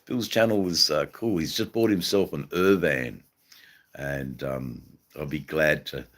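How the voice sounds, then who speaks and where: An Australian man hosting a livestream, chatting casually with viewers in a halting way, full of ums and repeated phrases. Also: very deep voice, a bit bright. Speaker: livestream host reading chat. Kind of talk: casual live-stream chat.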